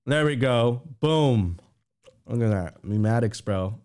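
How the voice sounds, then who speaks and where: A man's voice: mid-range voice, animated, slow pace, darkish tone, smooth. A man co-hosting a podcast, chatting in a laid-back casual way and calling his co-host "bro". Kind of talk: casual chat.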